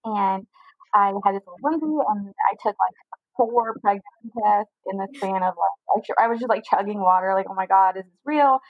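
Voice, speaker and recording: A woman's voice: medium pitch, slightly rough, dry recording. Young woman rambling through a story in an interview, lots of likes, dull muffled dry sound. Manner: fast chatty storytelling with many "like" fillers. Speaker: guest telling her story.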